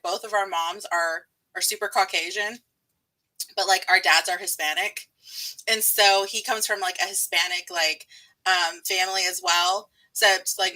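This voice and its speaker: A woman's voice: medium pitch, pushed and bright. A woman in her thirties from Texas with a Texan accent, chatting casually and laughing often as she hosts a live writing stream. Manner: giggly, chatty, frequent laughter. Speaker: livestream host.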